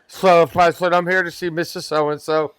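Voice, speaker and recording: A man's voice: a little high, level tone, normal speed, a bit bright, smooth, dry recording. A man telling a funny customer story in a casual podcast chat, acting out the quoted voices and laughing often. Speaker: guest, pest control worker.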